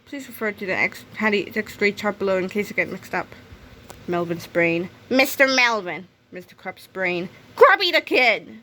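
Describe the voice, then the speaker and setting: A woman reading a children's chapter book aloud in a lively storytelling manner. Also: mid-range voice, normal speed. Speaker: read-aloud narrator.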